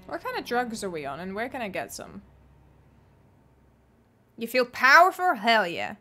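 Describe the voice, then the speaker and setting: A woman's voice: medium pitch, wildly swooping pitch, brisk, fairly bright tone, faint music behind. A woman streaming a game, chatting playfully with viewers and swearing now and then, with an accent between British and American. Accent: mixed British and American. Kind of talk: casual gameplay commentary.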